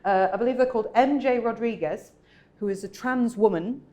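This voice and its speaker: A woman co-hosting a chatty podcast, her voice sitting a little high. She talks in an animated, giggly way and drops into bits of song. Her microphone peaks when she gets loud. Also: a little fast. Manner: giggly, animated, sings snatches of songs. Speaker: podcast co-host. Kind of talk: casual chat. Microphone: microphone peaking when loud.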